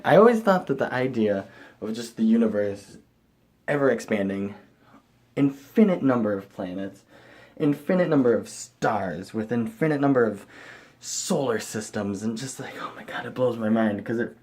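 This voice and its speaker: A young man from the area, rambling excitedly to camera in a casual vlog, bursting into loud enthusiasm then dropping to mumbled asides. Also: medium pitch, moderate pace. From Chicago area, USA. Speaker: vlogger.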